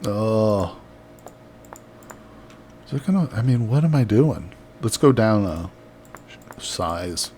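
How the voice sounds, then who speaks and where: A man's voice: lowish voice, lively intonation, slow pace, long pauses, darkish tone, a little hiss or hum. A man chatting casually on a live game stream, reading out viewer messages and laughing often. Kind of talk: casual live-stream chat while building.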